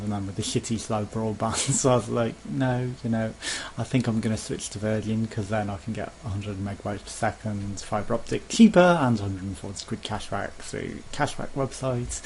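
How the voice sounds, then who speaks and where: A man's voice: fairly low pitch, moderate pace, a little mellow, a little hiss or hum. A man in a casual rambling rant to camera, swearing freely and now and then mimicking pushy phone sales staff. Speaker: vlogger.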